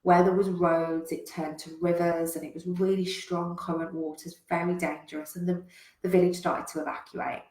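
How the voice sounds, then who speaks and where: A woman's voice: lowish voice, little pitch movement, normal speed, darkish tone. A woman business coach giving a motivational talk, emphatic and direct, with casual swearing. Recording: roomy echo.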